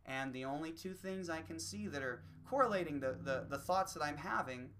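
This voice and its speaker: A man delivering a rambling, swear-filled opinion rant, slipping into quick mocking voices. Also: a little high, expressive, fairly bright tone, slight background noise. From United States. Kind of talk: profane opinion rant monologue.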